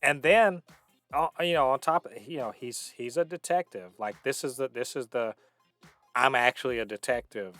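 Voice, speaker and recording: Male co-host, emphatic explainer, mid-pitched, dry close mic. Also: expressive, moderate pace, fairly bright tone, no room sound, faint music behind. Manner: emphatic, explains with many restarts. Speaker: podcast co-host. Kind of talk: casual movie review chat.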